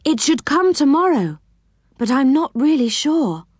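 A woman voicing a gentle fairy in a storybook, speaking softly and a little unsure. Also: high voice, big pitch swings, measured pace, no room sound, studio quality, voice pushed up.

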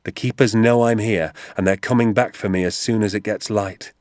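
A man voicing an injured father who speaks in a firm, reassuring, low-key way. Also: steady tone, moderate pace, darkish tone, dry recording, clean studio sound, lightly acted. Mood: calm, steady. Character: injured father, calm and steady despite pain.

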